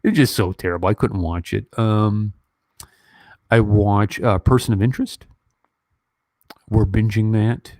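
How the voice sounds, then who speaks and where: A man in his fifties talks casually on a livestream, his voice sitting a little low and his nose stuffy from earlier crying. He wanders from thought to thought with plenty of ums and restarts. The sound is dry and close, with almost no room around it. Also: measured pace, long pauses, darkish tone, dry recording. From United States. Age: 50s. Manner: rambling, emotional, many fillers and restarts. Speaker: YouTube movie reviewer.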